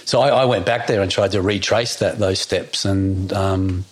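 A man, a guest in a casual conversation, talking in a reflective, halting way with many fillers. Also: low-pitched, steady tone, slightly rough.

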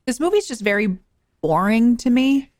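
A woman's voice: on the high side, big pitch swings, normal speed, a little mellow, dry recording. A woman giving casual reaction commentary on a film, wry, chatty and frankly critical. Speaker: movie reaction vlogger. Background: faint film music.

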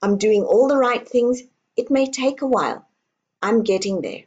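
A woman author guesting on an interview, speaking calmly and deliberately in guiding affirmations. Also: a little high, dull audio. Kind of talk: guiding, coaching talk.

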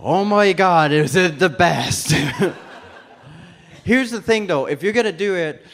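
On a comedy club stage in front of a live audience, a man with a high, expressive voice tells a story slowly. He performs stand-up and acts out the voices of the other people in it.

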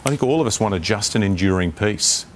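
A man's voice: lowish voice, animated, quick pace. An Australian man speaking as a politician on a live TV panel, earnest and repeating words when pressed. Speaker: politician guest.

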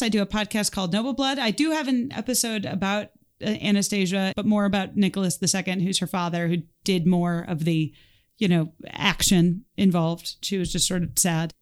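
A woman's voice: medium pitch, normal speed, clean tone. A woman author guesting on a podcast, chatting casually and effusively. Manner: bubbly, effusive. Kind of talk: casual chat.

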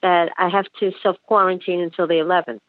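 A woman's voice: on the low side, steady tone, no echo. Hesitant New woman on a phone line. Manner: halting, hesitant, many fillers. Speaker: caller. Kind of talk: phone call to a radio show.

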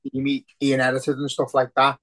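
A man, co-hosting a football podcast, talking in a sweary, excitable, rambling way. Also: medium pitch, fast talker, rough recording. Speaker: podcast co-host. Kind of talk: casual football chat.

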